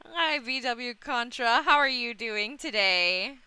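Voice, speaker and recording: Giggly bright-voiced woman streamer. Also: a little high, expressive, slow pace, smooth, no room sound. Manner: giggly, often laughing, emotional. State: a bit under the weather. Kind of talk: casual live-stream chat.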